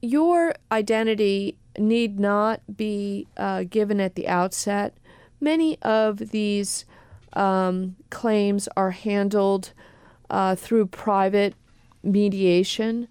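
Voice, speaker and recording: A woman attorney answering questions on a radio talk show in a careful, measured way with frequent pauses. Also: mid-range voice, darkish tone, clear, resonant tone, no echo. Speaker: attorney guest.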